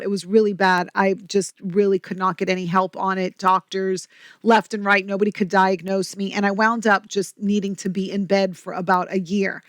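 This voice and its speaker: Energetic chatty woman guest, dry sound. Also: mid-range voice, no echo. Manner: energetic, chatty storyteller with quick asides. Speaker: podcast guest, company president. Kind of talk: casual interview talk.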